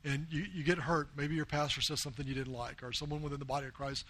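A man's voice: fairly high pitch, little pitch movement, fast talker, fairly bright tone. Earnest American man preaching. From United States. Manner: earnest storytelling, quoting others in plain voice. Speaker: missionary preacher. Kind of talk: sermon.

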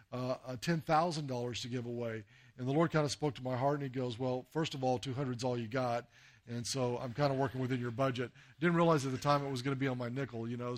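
A man from the United States, a missionary preacher, telling a folksy story in a sermon and acting out the dialogue. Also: medium pitch.

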